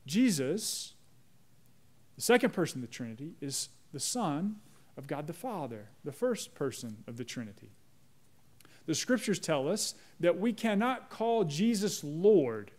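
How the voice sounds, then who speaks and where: A man preaching a sermon as pastor, slowing down to lead a prayer. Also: fairly high pitch, darkish tone. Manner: measured, slows down on prayer phrases; leads the congregation in repeating a prayer.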